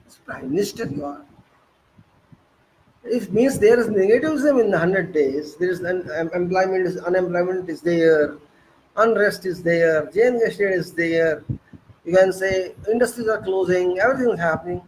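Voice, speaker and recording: A man's voice: high-pitched, moderate pace, slight background noise, low-quality recording. A man with an Indian English accent delivering an impassioned political monologue, firing off indignant rhetorical questions with sarcastic jabs. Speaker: political commentator.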